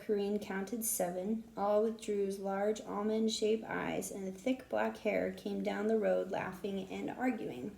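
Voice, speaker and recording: Gravelly woman reading a storybook. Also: mid-range voice. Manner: steady, expressive reading. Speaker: audiobook narrator. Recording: roomy echo.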